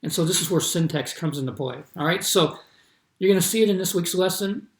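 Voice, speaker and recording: A man's voice: high voice, fairly quick, roomy sound. A man giving a recorded course lecture, explaining patiently and repeating his examples with shifting stress. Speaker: instructor.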